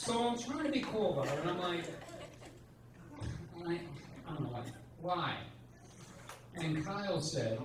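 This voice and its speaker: A man's voice: a little high, lively intonation, unhurried, long pauses, crowd noise. A man in his sixties doing a stand-up set, ranting in a profane, exasperated way. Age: 60s. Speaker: stand-up comedian. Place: comedy club stage. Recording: echoey club from a distance, loud noise.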